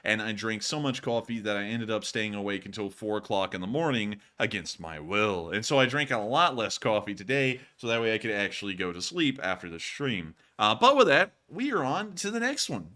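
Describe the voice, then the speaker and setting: Man, stream host, bright tense voice, casual Q&A, jokey, sleepy. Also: lowish voice, big pitch swings, brisk, few pauses. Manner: chatty and joking, laughs often. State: sleepy, yawning. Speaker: war news stream host.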